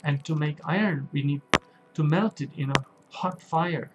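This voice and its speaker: A man with a fairly high voice narrates his video game for young children, keeping his words simple and asking them questions along the way. He speaks slowly and gently, like a kids' game streamer addressing little viewers. The recording is lo-fi, with heavy background noise.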